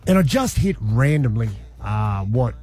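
A man, telling a long personal story on a radio show in an animated, conversational way. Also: mid-range voice, a little slow, slightly rough, faint music behind. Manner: animated, conversational, says "man" and "mate" often. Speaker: radio host.

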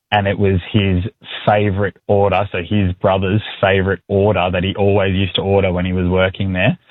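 A man calling in to a radio show, telling a story in a steady, matter-of-fact way. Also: deep voice, dry recording. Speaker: caller. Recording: tinny phone line.

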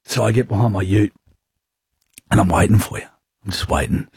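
An Australian man hosting a radio show, telling stories in animated, laughing banter from the studio. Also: fairly low pitch, a little fast, creaky, slightly rough, dry recording. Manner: animated storyteller, laughs often. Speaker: radio host.

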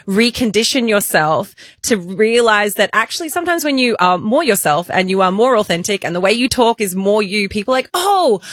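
A woman's voice: medium pitch, fairly bright tone, no echo, studio quality. A woman in her thirties co-hosting a podcast, chatting casually and poking fun at herself with frequent laughs. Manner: chatty, self-mocking, laughs often. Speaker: podcast co-host. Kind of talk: casual chat.

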